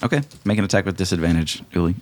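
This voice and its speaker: A man with a very low voice runs a tabletop game. He describes the action in a relaxed, rambling way and scatters fillers through it. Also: rapid-fire, slight background noise. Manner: loose, filler-heavy describing. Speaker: game master.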